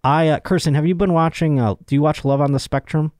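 A man's voice: a little high, steady tone, fast, darkish tone, no room sound, studio quality. A young man hosting a podcast, rambling and joking crudely in casual chat. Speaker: podcast host.

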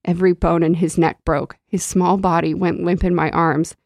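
A woman's voice: lowish voice, normal speed, no echo, clean studio sound. A young adult woman chatting casually about a novel and reading passages aloud. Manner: reads novel passages aloud, animated and laughing when chatting. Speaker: book club podcast co-host.

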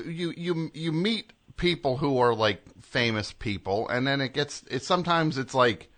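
Brief: male radio host, mid-pitched, conversational, emphatic with restarts. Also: sharp tone. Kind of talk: casual call-in chat.

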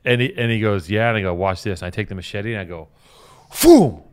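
A man in casual chat, telling stories in an animated, profane way. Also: fairly low pitch, rapid-fire, clear, resonant tone.

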